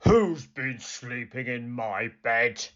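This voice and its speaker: Man growling as a gruff father bear. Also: medium pitch, animated, slow, fairly bright tone, lo-fi sound. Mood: grumbling. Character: great big gruff father bear, hungry.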